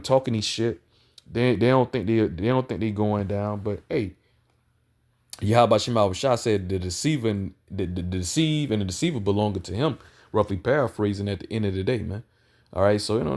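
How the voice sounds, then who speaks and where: Low-voiced man preaching a combative, profane sermon. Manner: combative, swearing, fills lines with "man" and "all right"; reads verses slowly and loudly, then rants quickly. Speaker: street preacher. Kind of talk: profane ranting sermon reading scripture.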